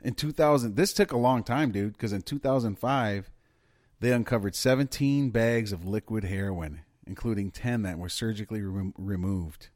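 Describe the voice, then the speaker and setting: In a fairly low, darkish voice at normal speed, a man co-hosts a podcast and chats loosely about the news, often swearing and laughing. It's a studio-quality recording with no room sound.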